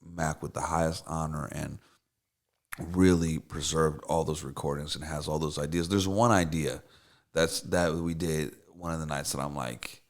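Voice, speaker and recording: A songwriter and producer with a bass voice speaks at normal speed and with fairly even intonation as a guest in a casual interview. His talk is loose and rambling, full of profanity, fillers, and restarts.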